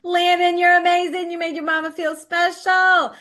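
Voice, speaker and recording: A woman's voice: very high-pitched, little pitch movement, moderate pace, a crowd in the background. A middle-aged woman hosting an interview podcast, effusive, enthusiastic and motivational in casual chat. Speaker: podcast host and coach.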